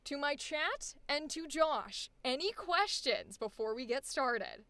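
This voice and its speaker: A woman's voice: high voice, big pitch swings, slow pace, pushed and bright, no echo. A young woman coaching voice acting on a live stream, chatty and exclamatory with frequent laughter.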